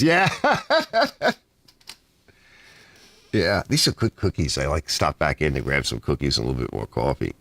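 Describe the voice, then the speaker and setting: New York man with a lively, animated voice. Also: low-pitched, measured pace, creaky, no echo, studio quality. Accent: heavy New York. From Long Island, New York. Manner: storytelling, animated, fillers like "right?" and "you know?". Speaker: livestream host. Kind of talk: casual livestream chat reading comments. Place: home garage.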